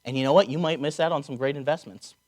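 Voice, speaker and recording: A man preaching a conversational sermon, slowing down to stress key words and dropping wry asides. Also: fairly high pitch. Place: chapel or auditorium.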